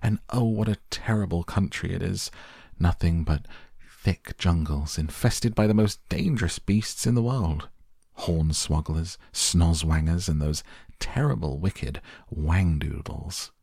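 A man voicing an eccentric, excitable male chocolate maker in an audiobook, gushing in theatrical bursts. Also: deep voice, creaky, no echo, studio quality, exaggerated voice. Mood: dramatic. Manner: gushing, theatrical, quick enthusiastic patter. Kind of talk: audiobook character voice.

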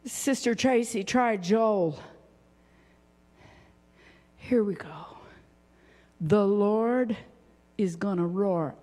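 A woman preaching a sermon, swinging from high exclaiming to hushed whispers. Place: church sanctuary. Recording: long reverb of a church hall.

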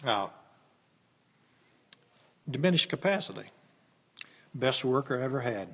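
Husky older man, folksy and rambling. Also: mid-range voice, expressive, a little slow, pauses often. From United States. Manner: folksy, rambling, with frequent fillers and restarts. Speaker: interview guest. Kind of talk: personal storytelling. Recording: echoey room with long reverb.

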